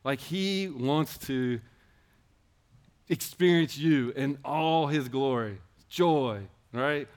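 A man's voice: medium pitch, slow pace. A man giving a personal testimony sermon, telling his story in rambling, self-interrupting phrases and earnestly urging his listeners. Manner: earnest, exhorting the congregation. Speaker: church speaker.

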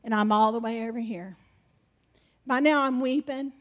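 A woman's voice: a little high, normal speed. A woman preaching a conversational sermon, a mother who shares a vision and keeps up laughing asides with her audience. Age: adult mother.

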